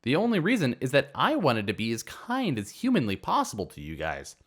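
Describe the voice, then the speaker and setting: A man's voice: medium pitch, huge pitch swings, a little fast, fairly bright tone, voice pushed up. Man voicing a fed-up woman homeowner. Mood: exasperated. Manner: firm, exasperated. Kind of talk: reddit story reading.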